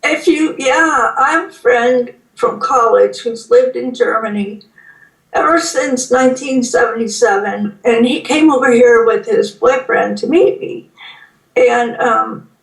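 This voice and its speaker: A woman in her fifties with a Southern American accent, chatting in a slow, storytelling way on a video call. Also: a little high, creaky. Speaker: interviewee. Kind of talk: casual chat. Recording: roomy, distant mic sound.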